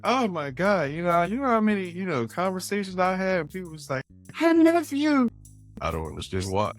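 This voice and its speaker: A man hosting an interview show, talking in a laid-back, halting way with plenty of "um" and "you know". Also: high voice, sing-song, a bit bright, faint music behind. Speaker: show host. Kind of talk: casual interview chat.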